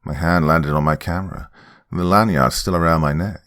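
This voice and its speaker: Deep-voiced male horror narrator, measured and dramatic, dry close-mic sound. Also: steady tone, fairly bright tone, no room sound. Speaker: horror podcast host and narrator. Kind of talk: first-person horror story narration.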